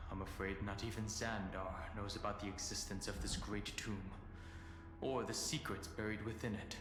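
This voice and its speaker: A grave, measured young man, voiced by a man speaks in a mid-range voice. His lines echo with a long hall reverb over faint game music. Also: on the low side, fairly even intonation, a bit bright, a little hiss or hum, close to an everyday voice. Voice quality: measured, serious. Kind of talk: game voice acting.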